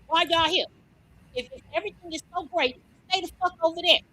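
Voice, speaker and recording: Woman on a heated profane rant; high, sharp voice, relentless rhetorical questions. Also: a little fast. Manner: furious, profane, rhetorical questions, repeats herself.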